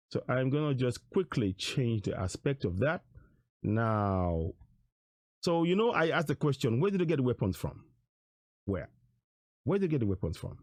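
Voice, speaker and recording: A man's voice: mid-range voice, a little mellow, no room sound, studio quality. A man giving emphatic online commentary on material shown on screen, repeating his rhetorical questions and phrases. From Nigeria. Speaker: political commentator.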